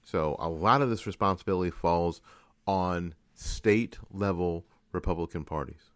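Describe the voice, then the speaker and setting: A man's voice: deep voice, a little slow, dry recording, clean studio sound. A man hosting a political commentary show, ranting in an angry, frustrated monologue with lots of repetition. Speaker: radio host.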